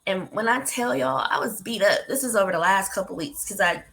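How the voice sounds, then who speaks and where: Woman, talk show host, bright forceful voice, animated, heartfelt, motivational storytelling. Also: mid-range voice, fairly quick, vocal fry. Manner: animated and heartfelt, speaks to listeners directly.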